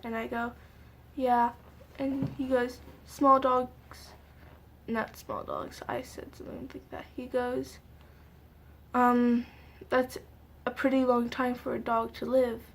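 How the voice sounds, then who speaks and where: A woman's voice: fairly high pitch, little pitch movement. Tearful young woman telling a sad story. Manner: halting, tearful retelling with many fillers. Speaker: vlogger. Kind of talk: emotional storytime vlog.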